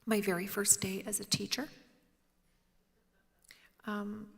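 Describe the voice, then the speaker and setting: The featured speaker, a woman with a slow, gravelly, level mid-range voice, tells humorous, self-mocking stories on stage in a lecture hall. She drops to a whisper for quoted lines, and the audio carries roomy hall reverb.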